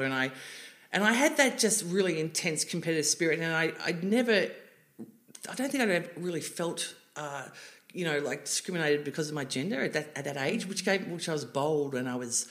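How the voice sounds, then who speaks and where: An Australian woman in her forties speaks as an interview guest. She tells her stories in an animated way, breaking into laughter and restarting her sentences often. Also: low-pitched. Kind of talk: casual interview chat.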